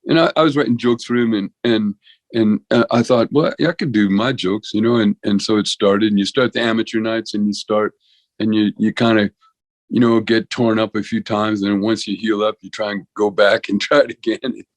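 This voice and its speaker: A man's voice: on the low side, steady tone, fairly quick, no room sound, low-quality recording. Older man telling rambling stories. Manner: talkative, full of restarts and "you know". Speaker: podcast guest, veterinarian and comedian. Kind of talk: rambling conversational storytelling.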